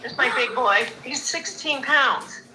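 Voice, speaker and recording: A woman's voice: high-pitched, a little slow, background noise. A woman pet owner chatting casually, rambling and restarting her sentences. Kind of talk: casual street chat.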